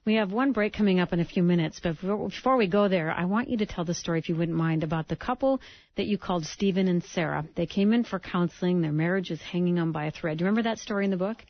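A woman's voice: lowish voice, fast talker, dry recording. A woman hosting a faith-based radio talk show, an enthusiastic and encouraging interviewer. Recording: dull lo-fi broadcast sound.

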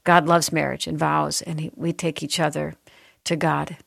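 A woman hosting a Christian talk show, reading listener texts aloud and answering them gently and tenderly. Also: low voice, flat delivery, moderate pace, vocal fry, no echo, studio quality. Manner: gentle, tender, softening at heartfelt moments. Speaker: host.

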